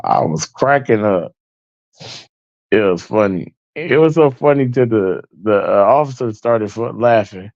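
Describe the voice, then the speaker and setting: A man's voice: lowish voice, lively intonation, a little slow, darkish tone, no echo, muffled recording. A man hosting a livestream, telling stories to his viewers in a loose, chatty way and calling them y'all. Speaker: livestream host. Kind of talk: casual storytelling to viewers.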